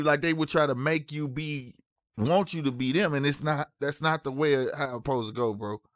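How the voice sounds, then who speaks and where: A man's voice: medium pitch, fairly bright tone, no echo, studio quality. A man with a St. hosting a talk stream, chatting loosely to his live chat and dropping "bro" and "you know what I'm saying" all the time. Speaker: streaming show host.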